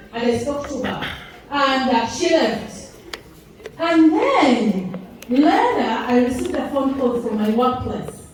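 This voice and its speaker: A woman's voice: fairly high pitch, a little mellow. A woman with a Ugandan accent telling a personal story to a live audience, acting out the dialogue and laughing through some lines. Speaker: event speaker. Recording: echoey hall, mic from far off.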